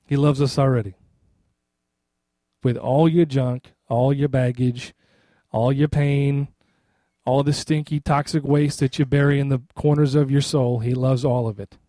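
In an unhurried, medium-pitched voice, a middle-aged man preaches with conversational energy, voicing the people he quotes. The recording is dry.

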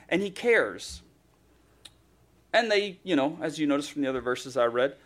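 A man's voice: on the high side, fairly bright tone. Joking conversational male pastor. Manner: conversational, humorous, acts out grumbling voices. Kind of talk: sermon.

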